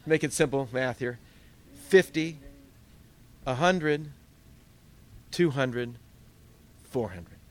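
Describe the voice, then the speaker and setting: A man's voice: medium pitch, slow pace, pauses often. A middle-aged male pastor preaching a sermon, telling a story and acting out voices as he goes. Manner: storytelling, animated with quoted voices.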